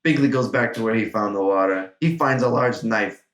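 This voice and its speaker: A man hosting a gaming channel, reading an AI adventure story aloud in an animated way. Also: fairly low pitch, a little fast. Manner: animated, breaks into laughter. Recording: roomy echo.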